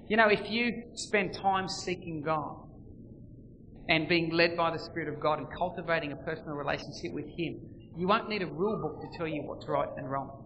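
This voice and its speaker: A man preaching a sermon, swinging between loud emphasis and quiet, intimate lines. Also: a little high, slight background noise. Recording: long reverb, faint ambience.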